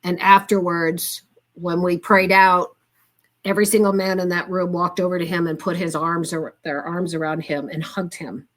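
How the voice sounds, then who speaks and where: A woman's voice: lowish voice, flat delivery, normal speed, a bit bright. An older woman as a guest in conversation, telling an earnest, heartfelt story from her volunteer work. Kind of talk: casual conversation.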